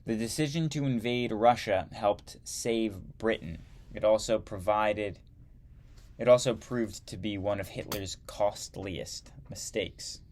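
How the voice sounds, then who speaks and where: A man teaching history, reading a textbook aloud slowly and adding wry asides. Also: on the low side, a little mellow, slight background noise.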